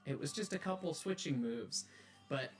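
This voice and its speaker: A man's voice: on the high side, animated, moderate pace, soft background music. A man telling an earnest, enthusiastic and detailed story about railways. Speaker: railway enthusiast telling of driving a steam locomotive.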